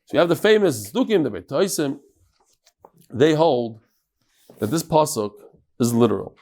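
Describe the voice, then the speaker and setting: A man teaching a daily Talmud class to a live audience in a study hall, lively and joking, with Hebrew and Aramaic terms in his English. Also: medium pitch, moderate pace.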